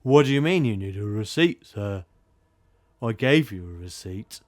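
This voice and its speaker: A disembodied voice grumbles out of a buried gramophone, fussy and British and a touch louder than the room. A man puts it on, low-pitched and complaining. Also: lively intonation, normal speed, no echo, studio quality, natural voice. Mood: grumbling. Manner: fussy, complaining about fares.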